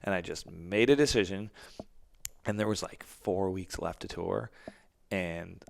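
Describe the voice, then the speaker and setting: Guest spot, man in his 40s, low gravelly voice, blunt and profane, acts out quotes. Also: unhurried. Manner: candid, heavy swearing, acts out quotes. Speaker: podcast guest, band frontman. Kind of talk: casual interview storytelling.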